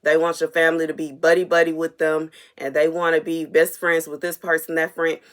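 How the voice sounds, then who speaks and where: A woman's voice: deep voice, level tone, a little fast. A woman delivering an unscripted prophetic message to her viewers, earnest and repetitive, at times emotionally stirred. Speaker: prophetic minister.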